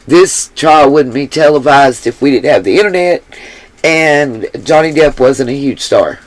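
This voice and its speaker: A woman's voice: rumbling low, a little slow, no room sound. Fired-up woman ranting, dry close sound. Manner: heated, profane, blunt; apologetic about her harsh tone. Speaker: YouTube commentary host. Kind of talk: angry commentary rant.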